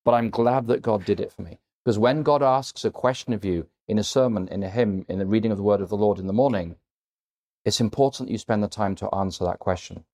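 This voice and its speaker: Earnest, slightly low-voiced male preacher. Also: a little fast, mellow. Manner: earnest, emphatic, varies emphasis when quoting. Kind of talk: sermon.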